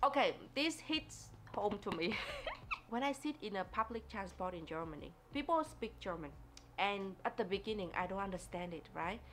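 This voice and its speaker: A woman chats casually for her vlog, lively and expressive, her English carrying grammar. Her pitch sits in a middling range, and a faint hum of noise runs behind her. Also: normal speed. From Vietnam. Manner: chatty and expressive, laughs often, non-native English grammar. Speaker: vlogger.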